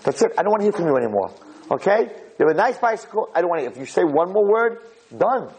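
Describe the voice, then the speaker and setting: A man plays a stern, angry father scolding his son. His voice rises high and sharp with each warning. The sound stays husky throughout. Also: very animated, fast, heavily acted, poor audio. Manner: raised scolding voice.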